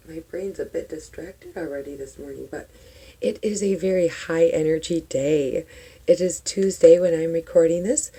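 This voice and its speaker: Older woman, spiritual vlogger, low mellow rough morning voice, chatty and rambling to the camera at home. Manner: rambling, warm-hearted babble with fillers. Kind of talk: casual chatty tarot vlog.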